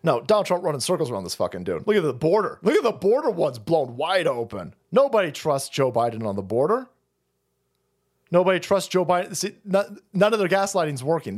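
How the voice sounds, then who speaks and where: A man hosting a stream, delivering a loud, profane, mocking political rant. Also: on the high side, sing-song, a little fast. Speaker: streamer host. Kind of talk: ranting political commentary stream.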